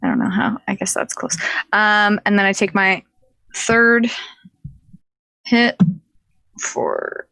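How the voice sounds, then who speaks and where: A woman's voice: medium pitch, slow pace, gravelly, pauses often, sharp tone, dry recording, low-quality recording. A woman playing a tabletop game, calling out her rolls and checking the rules. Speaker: player.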